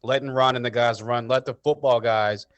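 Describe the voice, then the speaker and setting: A man's voice: medium pitch, fairly even intonation, moderate pace, dry recording. Podcast co-host, man, easygoing and agreeable, dry close sound. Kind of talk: casual sports podcast chat.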